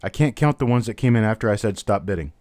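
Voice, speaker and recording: A man's voice: fairly low pitch, lively intonation, fast talker, darkish tone, no echo. Chatty man calling a live coin auction. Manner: chatty, calls out bidders and prices. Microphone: webcam on a stand.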